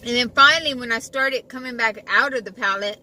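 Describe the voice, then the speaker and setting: Over loud traffic noise picked up by a distant mic, a woman vlogger tells a casual, rambling storytime. Her voice is slightly high and a bit fast, and she repeats herself, leaning on lots of likes and fillers.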